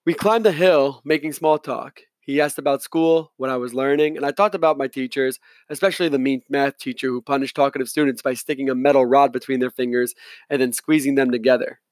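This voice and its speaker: A man reading a novel aloud in the first person, in a measured, reflective manner, close to the mic. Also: medium pitch, fairly even intonation, no room sound. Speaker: audiobook narrator. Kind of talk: scripted narration, first person.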